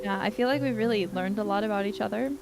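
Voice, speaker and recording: A woman's voice: medium pitch, fast talker, gravelly, poor audio. Brief: woman streamer, mid-range voice, playful and earnest, music playing under her. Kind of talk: casual chat. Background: background music.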